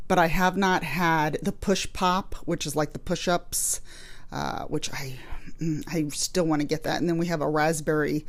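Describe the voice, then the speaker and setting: Chatty woman podcast host, lower voice. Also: steady tone, normal speed, creaky. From Illinois, USA. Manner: chatty, rambling, laughs easily. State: a little out of breath. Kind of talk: casual chat. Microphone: studio microphone.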